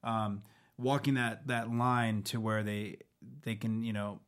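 A man who is an actor, a guest on a TV after-show, talking in a relaxed, halting way. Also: fairly low pitch, smooth. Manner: relaxed, hesitant, restarts often. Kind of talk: casual interview chat.

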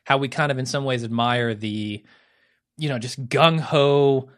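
A man co-hosting a casual film chat, measured and thinking aloud with fillers. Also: mid-range voice, fairly bright tone. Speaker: podcast co-host.

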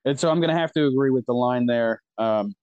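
A man's voice: medium pitch, fairly quick, clear, resonant tone, no room sound, highs cut off. A man co-hosting a casual sports podcast, hesitant and full of ums. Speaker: podcast co-host.

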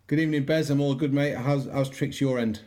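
Mellow man co-hosting a podcast. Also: medium pitch, steady tone, a little fast. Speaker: podcast co-host. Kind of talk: casual podcast chat.

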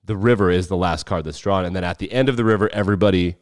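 A man's voice: low-pitched, rapid-fire, no room sound, clean studio sound. A man co-hosting a podcast, casually explaining things step by step and swearing freely. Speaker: podcast co-host.

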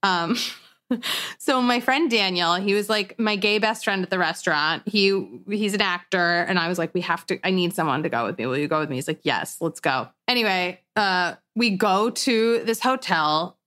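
A woman's voice: fairly low pitch, moderate pace. A young woman telling a story casually, laughing often and acting out what people said. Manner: animated, laughs often, acts out quotes. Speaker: storyteller guest.

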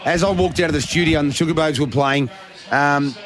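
A man's voice: a little high, fairly quick. A male Australian radio host from Geelong, chatting casually and reading out listener messages on a racing show.

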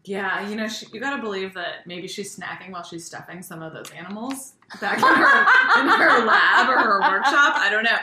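A woman co-hosting a casual chat about a TV show, giggly and expressive, musing aloud about the people on it. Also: medium pitch, normal speed, few pauses, a crowd in the background. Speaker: podcast co-host. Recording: roomy echo.

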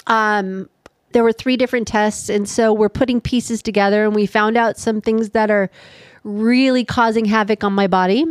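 A middle-aged woman co-hosting a casual podcast, chatty and quick to laugh. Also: mid-range voice, fairly even intonation, clear, resonant tone, dry recording, studio quality. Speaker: podcast co-host, wife. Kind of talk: casual chat.

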